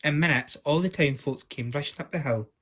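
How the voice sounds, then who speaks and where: Expressive man reading a children's story. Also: a little high, a little fast. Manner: lively, expressive, small stumbles.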